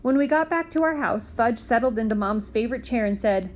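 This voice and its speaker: A woman reading a children's book aloud in a clear, steady storytelling manner. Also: fairly high pitch, brisk, slight background noise. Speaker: reader.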